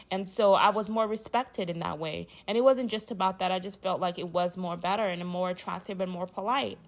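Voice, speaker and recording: A young woman from Uganda, telling her own story in a rambling, heartfelt monologue full of restarts. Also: lowish voice.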